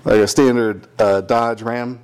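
A man's voice: medium pitch, a little slow, clean tone. A man telling a work story in casual chat, swearing often and acting out the quotes in raised voices. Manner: profane, animated, acts out quotes in raised voices.

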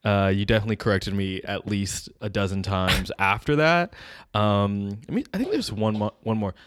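A man's voice: fairly low pitch, animated, normal speed, dry recording. A young man co-hosting a casual podcast chat, rambling loosely and searching for words. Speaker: podcast co-host.

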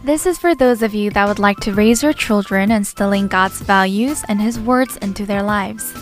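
A woman's voice: mid-range voice, normal speed. Woman reading out a ministry notice, careful and plain, faint music under it. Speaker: ministry announcer. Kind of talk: read radio announcement.

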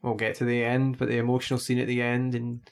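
A man's voice: medium pitch, completely flat delivery, fast talker, creaky. A man in a casual film-critique chat, laid-back and wry, thinking aloud as he talks. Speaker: podcast co-host.

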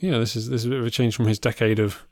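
A man co-hosts a casual film podcast and talks over the news in a dry, hesitant way. His voice sits at a middling pitch. It is recorded close and dry, with no room sound. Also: steady tone, racing, no room sound. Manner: dry, hesitant, full of uh and restarts. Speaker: podcast co-host.

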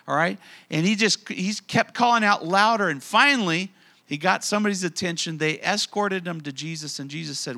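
Gravelly, bright-voiced preaching man. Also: high-pitched, moderate pace. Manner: animated preaching, acts out voices of people in stories. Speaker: pastor. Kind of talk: sermon. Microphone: handheld or stand mic.

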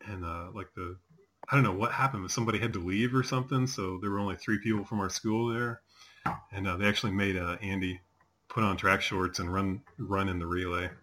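A man's voice: sits low, steady tone, brisk, a bit bright. A man in his forties chatting casually as a host, telling rambling stories with many fillers. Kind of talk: casual chat.

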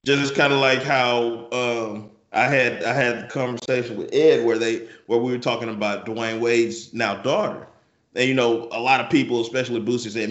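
A man's voice: medium pitch, normal speed, a bit bright, reverberant, lo-fi sound. A man co-hosting a casual podcast chat, rambling through hypotheticals and repeating his words. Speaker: podcast co-host.

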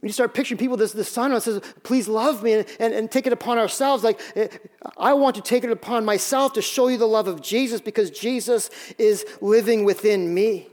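A man's voice: high-pitched, a little fast, a little mellow. A man preaching as pastor in a conversational sermon, telling self-deprecating stories with frequent restarts.

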